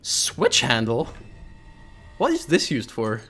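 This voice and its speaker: Male streamer, animated pitch, jokey horror-game commentary with big swearing reactions. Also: slow, husky, soft background music. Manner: jokey, swears, loud over-the-top reactions. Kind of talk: live gameplay commentary.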